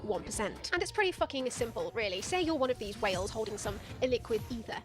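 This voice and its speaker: A woman's voice: a little high, sing-song, quick pace, over music. A woman giving sarcastic, profane commentary as the host of a video essay. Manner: sardonic, profane, mocking.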